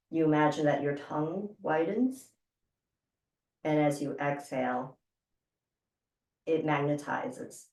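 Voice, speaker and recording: A woman instructor calmly guiding a breathing exercise with slow, measured cues. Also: deep voice. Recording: roomy sound from a distance.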